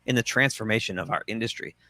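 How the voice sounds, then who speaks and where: A man's voice: lowish voice, quick pace, sharp tone, no room sound. A man hosting a pop culture livestream, reading news quotes aloud with sarcastic asides. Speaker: host.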